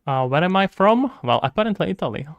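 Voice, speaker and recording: Czech-accented male game-dev streamer: casual, jokey, talks through his work, a bit of fry in the voice, dry sound. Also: high voice, big pitch swings, fast, no echo, muffled recording. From Czech Republic. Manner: chatty, joking, thinking aloud. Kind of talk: casual livestream chat.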